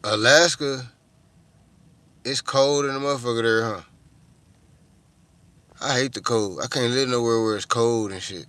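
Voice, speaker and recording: A man's voice: medium pitch, a little slow, pauses often, a bit bright, no echo. A middle-aged man, chatting casually and profanely with viewers on a livestream, rambling from one thought to the next. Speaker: livestream host.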